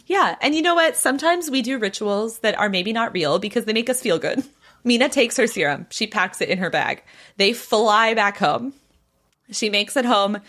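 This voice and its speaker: A woman's voice: a little high, normal speed. A woman hosting a podcast, telling a gossip story in casual chat and acting out the people in it. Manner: animated, acts out quoted people with bright voice jumps.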